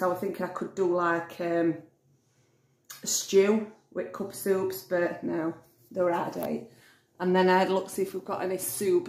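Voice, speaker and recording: A woman's voice: fairly low pitch, creaky, a little mellow. A woman vlogging casually at home, rambling and thinking aloud as she interrupts herself. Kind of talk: casual chatty vlog. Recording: echoey room.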